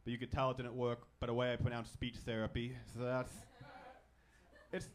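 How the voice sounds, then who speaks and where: A man's voice: medium pitch, monotone, fairly quick. A man in his twenties with a lisp and a stutter, doing a crude, self-deprecating stand-up comedy set on a club stage. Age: 20s. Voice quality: speech impediment with a lisp and stutter.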